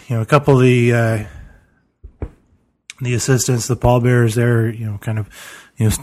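A man narrating a tabletop game as game master, halting and full of "you know" fillers. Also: medium pitch, darkish tone.

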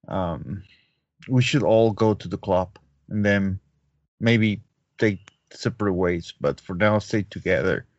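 A man voicing a brooding Russian man with a Russian accent, formal and deliberate, in a tabletop role-play game. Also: on the low side, no room sound, lo-fi sound, voice pushed down, close to an everyday voice. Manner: slow, deliberate and formal, Dracula-like. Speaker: player.

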